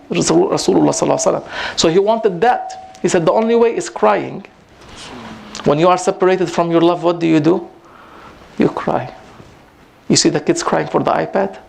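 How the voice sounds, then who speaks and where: A man giving an informal religious talk to a gathering, rising in pitch for emphasis and mixing in Arabic phrases. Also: creaky, slight background noise. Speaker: Sufi teacher giving a talk. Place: prayer hall at a community gathering.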